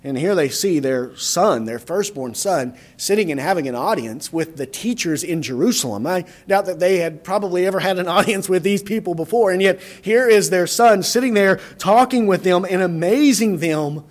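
Man, high voice, sermon, earnest, repeats himself. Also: expressive, normal speed, few pauses. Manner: earnest, repeats words and restarts phrases. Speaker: preacher.

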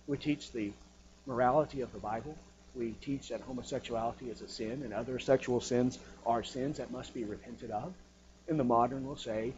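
A man preaching a sermon with impassioned delivery, rising to loud emphatic peaks and dropping low. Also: a little fast, highs cut off, slight background noise.

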